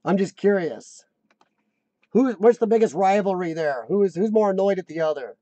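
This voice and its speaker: A man's voice: high-pitched, animated, moderate pace, dark tone, dry recording, highs cut off. An American man hosting a live stream, rambling casually and joking to his viewers. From United States.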